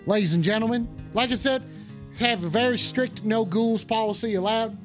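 A man's voice: high voice, moderate pace, faint music behind. A man hosting a call-in show as a profane, rambling cowboy, hollering and ranting. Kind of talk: rowdy comedic rant.

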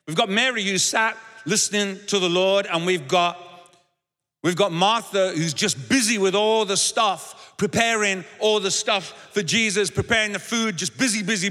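A man's voice: high voice, bright, forceful tone, long reverb tail. A man preaching a sermon as pastor, talking conversationally and repeating words as he goes. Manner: conversational, repeats words, shifts into acted quotes.

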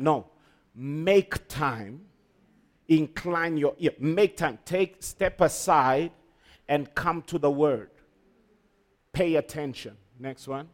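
A man's voice: a little high, slow pace. A man preaching a sermon, emphatic, with call-and-response to the congregation. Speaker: pastor.

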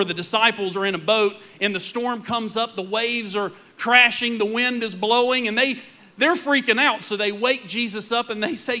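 A man preaching a sermon, telling stories dramatically and dropping to quiet emphasis. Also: sits high.

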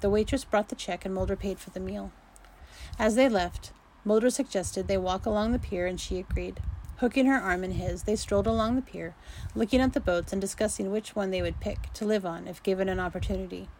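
A woman narrating a romance story in an unhurried amateur reading, going back to redo fumbled sentences. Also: medium pitch, a little mellow, slight background noise, low-quality recording.

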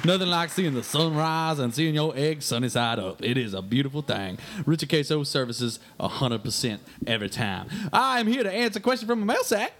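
A man's voice: a little high, lively intonation, fairly quick, hardly any pauses, fairly bright tone, some chatter behind, a little hiss or hum. A man playing a brash redneck fishing guide. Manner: crude, rambling, brash. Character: boastful redneck male fishing guide, crude. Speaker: guest fishing guide on a radio show. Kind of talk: comedy radio sketch.

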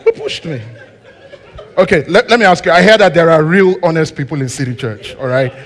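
A man preaching a story-driven sermon as a guest speaker, moving between quiet asides and loud, animated shouting. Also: a little high, fast. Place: church hall. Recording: long hall reverb.

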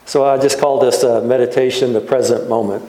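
A man, a pastor, giving a reflective sermon in a gentle, unhurried way with soft trailing pauses. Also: medium pitch, steady tone. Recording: echoey room.

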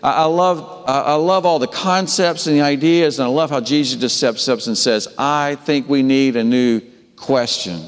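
A man preaching a sermon, telling the story with animated delivery and acting out the characters' voices. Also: mid-range voice, moderate pace, smooth, in a large hall. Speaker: pastor.

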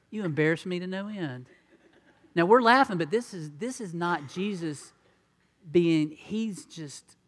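A preacher delivers a conversational sermon in a fairly high voice, acting out the lines of the people he describes. His voice rings out with a long hall reverb, as if captured in a large church. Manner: conversational, acts out quotes. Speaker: pastor.

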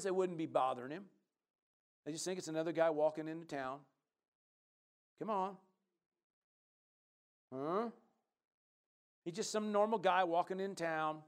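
A man preaching a sermon as pastor, reading scripture aloud and moving from conversational asides to loud emphatic bursts while calling for amens. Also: fairly high pitch.

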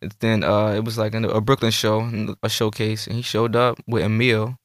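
A man, a rapper guest telling his story in a relaxed, slangy way. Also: fairly low pitch, normal speed, no room sound, studio quality. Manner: relaxed, laid-back recounting with slang. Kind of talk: casual interview chat.

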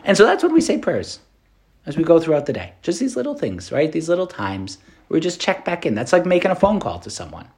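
Speaking briskly in a slightly high male voice, a Catholic priest offers an informal, spirited meditation loaded with filler words.

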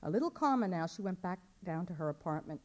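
A woman's voice: on the low side, animated, quick pace, darkish tone. A woman author reading her short story aloud at a public event, narrating plainly and voicing the dialogue.

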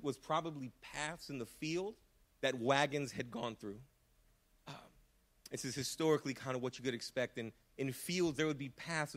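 A man's voice: mid-range voice, a bit bright. A man preaching a sermon in a church, earnest and impassioned, often restarting his words. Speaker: pastor. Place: church sanctuary.

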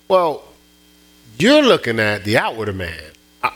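A man's voice: on the low side, very animated, measured pace, pauses often, fairly bright tone. A man preaching a sermon, telling a personal story with many restarts and bursts of rising emphasis. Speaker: pastor.

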